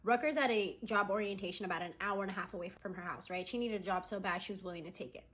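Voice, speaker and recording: Brief: young woman, storytime creator, talks fast, chatty filler-heavy delivery, mid-range pitch. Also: a bit bright. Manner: chatty, lots of "like" and "right?" asides. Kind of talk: casual storytime retelling.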